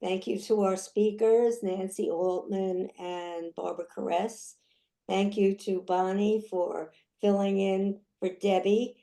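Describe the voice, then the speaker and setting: A woman chairing an online union meeting who says she is losing her voice, closing with announcements in an unhurried way with frequent fillers. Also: medium pitch, fairly even intonation, creaky, mellow.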